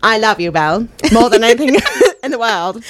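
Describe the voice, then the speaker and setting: A woman playfully voicing a lovesick male beast proposing marriage, overwrought and mock-romantic, with a lively pitch. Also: fairly quick, dry recording, close to an everyday voice.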